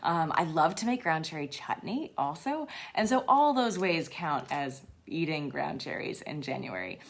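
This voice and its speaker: A woman hosting a live Q&A, chatting enthusiastically, laughing often and sometimes dropping to a soft whisper. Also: deep voice, a little slow, slight background noise. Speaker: seed company host. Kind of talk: live Q&A chat.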